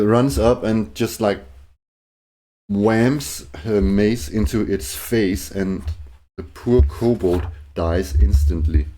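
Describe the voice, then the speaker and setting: A man narrating his own solo tabletop game, thinking aloud in a hesitant way, with many fillers and restarts and quiet chuckles to himself. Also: fairly low pitch.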